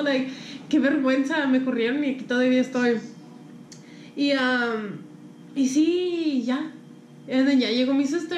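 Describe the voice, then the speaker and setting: A woman's voice: high voice, reverberant, slight background noise, low-quality recording. A young woman telling a casual storytime. She swears freely, switches between English and Spanish, and acts out what people said. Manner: animated retelling with quoted dialogue. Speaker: vlogger.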